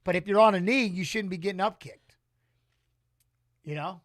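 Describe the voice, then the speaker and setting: A man's voice: high-pitched, moderate pace, a bit bright. A middle-aged man giving casual live fight commentary in a rambling, emotional, salty way. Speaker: watch-along commentator.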